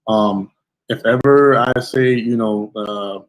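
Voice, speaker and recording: Male stream host, lower voice, gushing with thanks; warm welcome for each viewer. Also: takes it slowly, poor audio. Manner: effusive, thankful, blessing-heavy. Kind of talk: livestream interview intro. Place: home setup in Florida.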